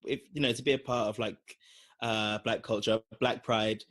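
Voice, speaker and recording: A man's voice: on the low side, fairly even intonation, normal speed, a bit bright, no room sound. A man co-hosting a podcast in casual chat, teasing, joking and laughing often. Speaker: podcast co-host.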